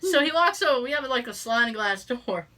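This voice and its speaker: Middle-aged woman, podcast host, casual storytelling, bright voice, high and lively, swears freely. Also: fairly quick, a little hiss or hum. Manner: animated, swears freely, laughs through her story.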